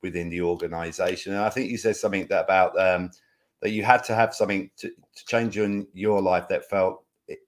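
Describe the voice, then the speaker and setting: Man, very low voice, hesitant interviewer, thoughtful. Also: fairly even intonation, a little fast. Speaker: podcast host. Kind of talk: casual interview.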